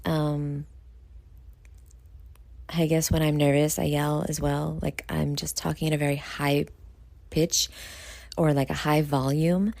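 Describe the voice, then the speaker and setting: A woman's voice: low voice, gravelly, dark tone, dry recording. A tired woman from New York, a show host, talking casually late at night in a rambling, self-critical way with many fillers.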